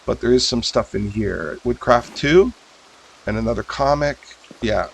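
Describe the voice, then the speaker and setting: A man's voice: medium pitch, unhurried, a little hiss or hum, rough recording. A man streaming a survival game, thinking aloud in casual commentary as he sorts gear, with frequent ums and uhs. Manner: thinks aloud, mumbling fillers while sorting items.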